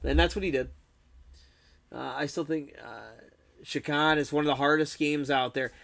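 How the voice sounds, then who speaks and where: A man's voice: fairly high pitch, fairly even intonation, moderate pace, gravelly, fairly bright tone. Laid-back swearing male game streamer. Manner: laid-back, swears a lot, laughs often, says dude. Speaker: game streamer chatting with viewers. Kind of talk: casual live-stream chat.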